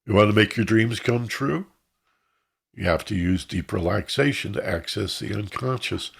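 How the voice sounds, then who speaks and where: A man's voice: fairly low pitch, moderate pace, gravelly, breathy edge. A man teaching an online class, explaining in a rambling way and imitating sounds to make his points, heard over a video call. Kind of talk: informal online class talk.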